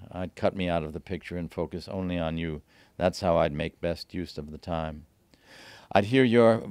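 A man reading aloud from his own novel at a bookstore event, lively, lifting his voice for the dialogue. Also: no room sound. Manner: lively, voices the dialogue with raised pitch and quick asides.

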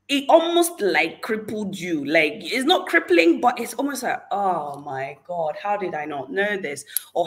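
A woman hosting a livestream, giving an animated, exclamatory faith talk and greeting viewers in the chat. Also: medium pitch. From Nigeria. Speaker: livestream host.

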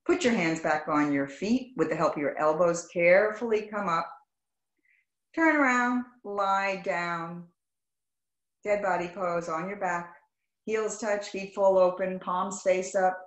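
A woman yoga instructor teaching a live class over a video call, calling out poses in brisk, clipped commands and greeting students warmly by name. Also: fairly low pitch, roomy sound, low-quality recording. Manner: brisk rapid-fire commands in short clipped phrases. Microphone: video call microphone.

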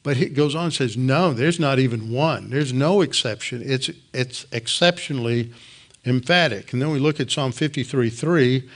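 A man's voice: medium pitch, normal speed. Earnest male Bible teacher. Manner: earnest, repeats words for emphasis, restarts. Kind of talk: recorded Bible lesson.

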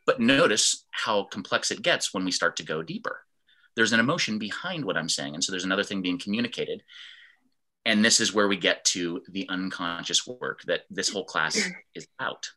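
A man teaching an online fitness class over a video call, explaining ideas calmly and acting out example sentences in different tones. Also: deep voice, normal speed. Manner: animated, acts out example sentences in varied tones. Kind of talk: online class lecture with screen share.

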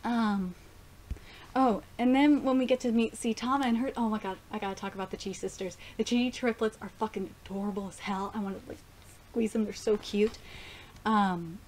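A young woman casually reviewing an anime episode, gushing and excitable, swearing now and then. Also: medium pitch, normal speed, slight background noise.

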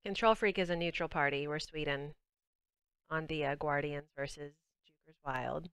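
On her game stream, a young Southern US woman chats with viewers in a bubbly, casual way as she plays. Her voice sits low, smooth and fairly bright, at a moderate pace, captured in a dry recording.

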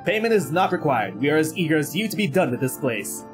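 A man's voice: on the high side, very animated, fast, over music. A man voicing a pompous male talking book that speaks in a formal, lofty way. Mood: haughty.

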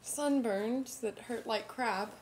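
A woman's voice: on the high side, slow, a little mellow, a little hiss or hum. A woman vlogger in casual chat, chiming in and finishing her friend's sentences.

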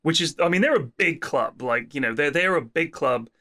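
A man co-hosting a podcast, talking in casual, sweary, animated rants. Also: fairly high pitch, moderate pace. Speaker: podcast co-host. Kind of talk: casual chat.

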